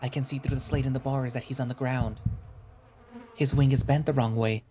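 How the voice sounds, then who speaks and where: A man narrating a first-person audio story in a measured, tense manner. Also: medium pitch, steady tone, warm tone, a little hiss or hum.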